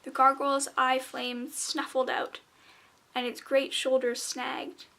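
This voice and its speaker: A woman reading a children's fantasy book aloud in a measured, expressive way. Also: high voice, gravelly. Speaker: audiobook reader. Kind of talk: storybook narration.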